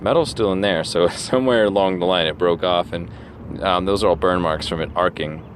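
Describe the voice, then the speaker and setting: A man's voice: sits low, a little fast, slight background noise. A man rambling casually in a garage video, with chatty asides and self-mocking jokes. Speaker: classic car restorer. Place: garage workshop at night.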